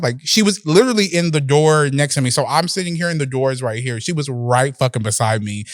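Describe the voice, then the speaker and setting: A male podcast host telling a personal story in a casual, animated way, swearing freely and laughing often. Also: mid-range voice, brisk, few pauses, no room sound, studio quality.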